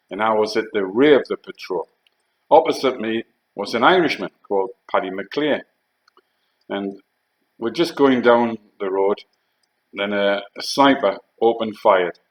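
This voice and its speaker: Older ex-soldier with a lowish voice, blunt and combative, swearing through a heated monologue. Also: male voice, low-quality recording. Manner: blunt, swearing, emphatic with rhetorical questions. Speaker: former soldier telling war stories.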